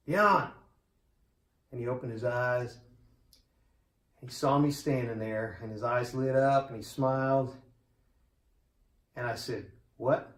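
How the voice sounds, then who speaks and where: A man in his forties giving a funeral eulogy for a close friend, telling the story in a quiet, heartfelt, conversational way. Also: medium pitch. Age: 40s. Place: church sanctuary. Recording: roomy echo of a church.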